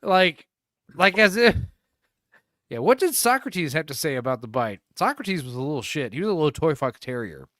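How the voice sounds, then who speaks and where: A young man co-hosts a podcast, spinning rambling, profane stories, laughing a lot and acting out quotes in casual chat. His voice is fairly high with big swings in pitch, a normal pace and a slightly bright tone. The studio-quality recording has no echo.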